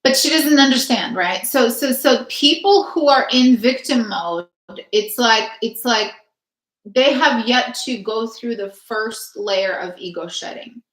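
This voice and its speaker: Woman, spiritual host, earnest casual chat, lots of fillers, slightly high pitch, echoey room. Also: lively intonation, a little slow, fairly bright tone. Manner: earnest, talks in long runs with many fillers.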